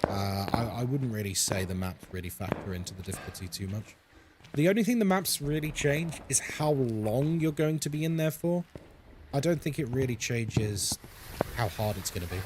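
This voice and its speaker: A man's voice: medium pitch, expressive, normal speed, background noise. A young man streaming a horror game, chatting casually and playfully with his viewers as he plays. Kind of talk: casual live-stream chat while gaming.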